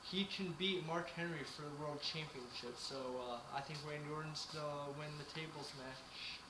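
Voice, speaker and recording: A man's voice: fairly high pitch, steady tone, moderate pace. A man co-hosting a casual wrestling chat, giving his picks hesitantly with many fillers. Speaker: co-host. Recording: echoey room with noise.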